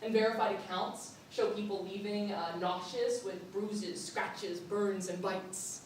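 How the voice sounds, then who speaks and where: A young woman performing a playful, animated storytelling monologue on stage, laughing often. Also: mid-range voice, measured pace, slight background noise. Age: young adult. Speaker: student performer. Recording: echoey hall from far off.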